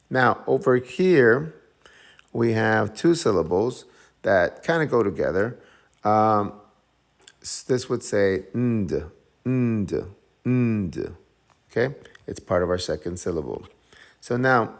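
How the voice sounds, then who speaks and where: Slow patient english teacher guy, raspy gravelly voice, sounds out syllables over and over. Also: fairly low pitch. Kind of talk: phonics lesson.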